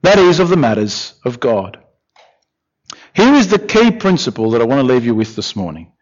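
A man preaching a sermon, expressive, with questions and repeated emphatic lines. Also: mid-range voice, normal speed. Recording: dull lo-fi recording.

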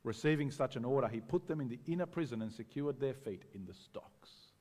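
A man preaching a sermon in a conversational, animated way, often acting out the voices of people in the story. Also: mid-range voice, fairly quick, in a large hall. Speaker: pastor.

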